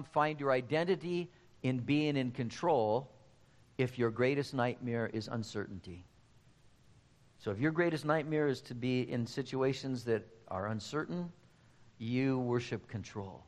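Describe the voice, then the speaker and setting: A man's voice: medium pitch, in a large hall. A man preaching a sermon, speaking emphatically and addressing the congregation directly. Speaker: pastor.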